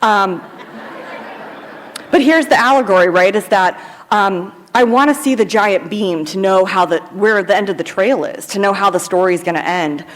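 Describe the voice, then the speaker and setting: A woman's voice: medium pitch, moderate pace. A woman from Sacramento, California telling her recovery story to a live audience, chatty and informal, with lots of "like" and "um". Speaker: AA speaker. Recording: long hall reverb at a live event.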